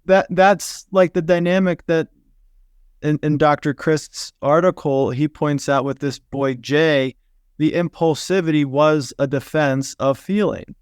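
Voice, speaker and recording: A male psychiatrist hosts the podcast and lays out his points in a measured, explanatory way. His voice is smooth and resonant. The recording is dry and close. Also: fairly high pitch, fairly even intonation, no echo. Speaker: psychiatrist host. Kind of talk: podcast conversation.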